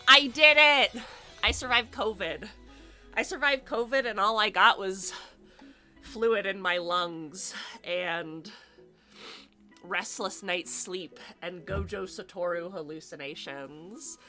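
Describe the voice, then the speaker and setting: A young woman streamer chatting casually and excitedly, a little out of breath and stuffy-nosed. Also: mid-range voice, slow, faint music behind. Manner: bubbly, chatty, excitable greetings. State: stuffy nose. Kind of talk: casual live-stream chat.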